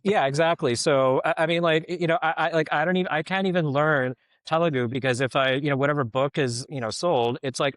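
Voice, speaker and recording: A man's voice: a little high, brisk, few pauses, fairly bright tone, no room sound, studio quality. A middle-aged man giving casual podcast commentary, rambling and filling his talk with "like, you know".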